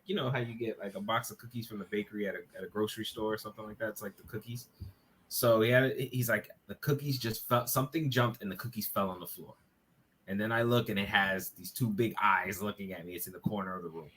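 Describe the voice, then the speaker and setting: A man with a New York accent, a podcast guest telling a story from his bedroom over a webcam, animated and swearing, laughing as he goes. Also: lowish voice, slight background noise. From Brooklyn, New York. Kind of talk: casual podcast chat, storytelling. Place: bedroom at home.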